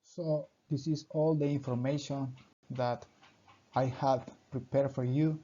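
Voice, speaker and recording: A young man giving a class presentation, reading in short halting phrases with small grammar slips. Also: mid-range voice, steady tone, warm tone. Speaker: student presenter. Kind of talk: class presentation read aloud. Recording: dull lo-fi recording.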